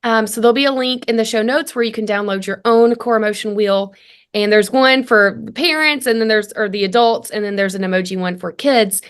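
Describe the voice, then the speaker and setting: A woman's voice: a little high, fairly quick, clean tone. A woman in her thirties, a guest on a parenting podcast, earnestly telling family stories and acting out the dialogue. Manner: earnest, animated storyteller who acts out dialogue. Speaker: guest, family communication coach. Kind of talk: conversational interview.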